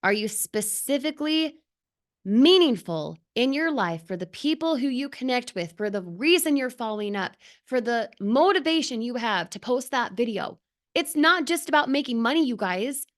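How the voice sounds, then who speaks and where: A woman leading a live motivational training for her team, speaking earnestly and emphatically with lots of rhetorical questions. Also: on the high side. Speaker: team leader.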